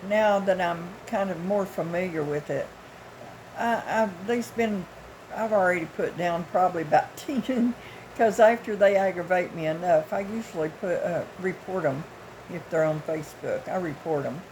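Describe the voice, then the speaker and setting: A woman's voice: fairly low pitch, moderate pace, a little mellow, slight background noise, rough recording. A woman in her sixties from the United States, telling a story in a casual, blunt, folksy way with occasional chuckles. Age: 60s. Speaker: vlogger.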